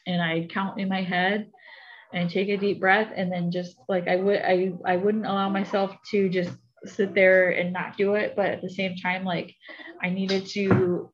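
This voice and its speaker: A young adult woman telling a personal story in a casual, animated way, full of fillers like "like" and "um". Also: medium pitch, unhurried, slight background noise. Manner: chatty, animated, many fillers. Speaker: podcast guest. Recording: dull lo-fi audio.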